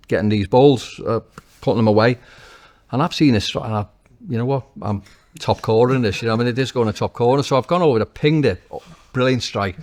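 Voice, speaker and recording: A man with a Liverpool accent, a former footballer and now a manager, telling animated, swear-laced stories as an interview guest, with many restarts. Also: mid-range voice. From Liverpool, England. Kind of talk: casual interview anecdotes.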